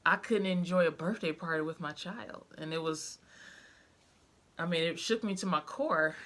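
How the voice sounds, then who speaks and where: A young woman with a fairly low, sharp-toned voice talks to the camera about being a mother. This vlogger's casual personal storytelling is heartfelt and emotional and full of fillers.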